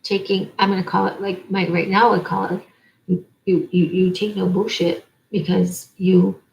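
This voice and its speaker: A woman's voice: mid-range voice, level tone, moderate pace, vocal fry, a little mellow, highs cut off, a little hiss or hum. A woman giving an oracle card reading in a rambling way, stringing words together in long lists. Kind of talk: spiritual card-reading monologue.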